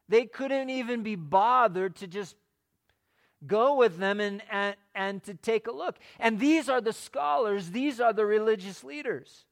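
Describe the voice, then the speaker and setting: Conversational high-voiced male preacher. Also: measured pace, a bit bright. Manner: conversational, with frequent restarts and rhetorical questions. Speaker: pastor. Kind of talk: sermon.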